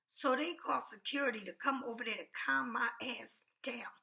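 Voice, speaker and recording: A woman rants through a story with blunt anger and constant swearing. Her voice sits high and has a gravelly fry, with a sharp, forceful edge. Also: normal speed. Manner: angry, blunt, heavy swearing. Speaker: vlogger. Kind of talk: profane storytelling rant.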